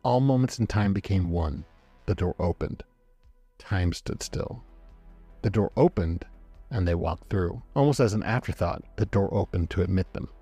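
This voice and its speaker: A man narrating a story aloud in a measured, dramatic reading. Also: low voice, dark tone, slightly rough, no room sound. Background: faint background music.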